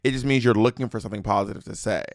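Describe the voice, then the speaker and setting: A man co-hosting a casual chat show, talking in an animated, campy way with quick asides. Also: fairly low pitch, no room sound, clean studio sound. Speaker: podcast co-host.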